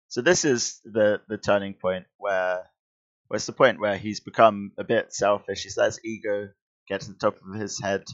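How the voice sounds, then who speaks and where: A man's voice: on the low side, fairly even intonation, moderate pace, dull audio. A man reading a comic aloud with chatty, self-correcting asides. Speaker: comic reader. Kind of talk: casual comic-book reading with commentary.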